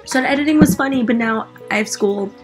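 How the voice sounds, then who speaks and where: A young woman talks casually and expressively, giggling often as she chats with her friend on camera. Her voice sits a little high, and music plays clearly behind her. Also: quick pace. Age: young adult. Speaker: YouTuber. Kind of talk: casual chat.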